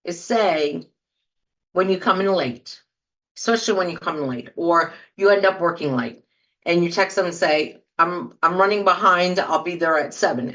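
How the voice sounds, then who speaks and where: A podcast host talks casually to her listeners, acting out example apologies along the way. Her voice is mid-range, and the audio sounds dull.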